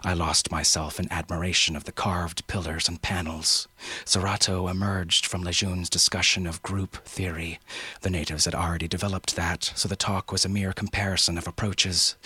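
Low-pitched man, measured reading, dry close recording. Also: fairly even intonation, sharp tone, slightly rough, no room sound. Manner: measured storytelling. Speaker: narrator. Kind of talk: scripted narration.

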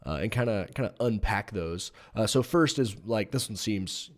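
A man with a lowish voice co-hosts a conversational podcast. He tells stories in a lively way, packing his talk with "like" and "you know," and sounds relaxed with his co-host. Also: normal speed. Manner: storytelling, animated, many fillers. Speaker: podcast co-host, youth teacher. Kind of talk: casual chat.

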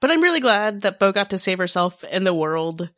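A woman's voice: medium pitch, very animated, brisk, fairly bright tone, no room sound, clean studio sound. A woman co-hosting a casual podcast chat, talking hesitantly with stumbles and self-deprecating asides. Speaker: podcast co-host.

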